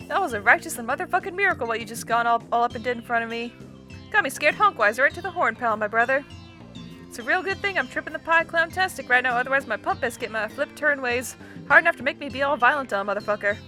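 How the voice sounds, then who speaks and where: A woman's voice: high-pitched, animated, quick pace, pushed and bright, faint music behind. Woman voicing a rambling stoned troll clown guy. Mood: dopey friendly. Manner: rambling slangy drawl full of swearing. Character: drug-addled laid-back male troll clown.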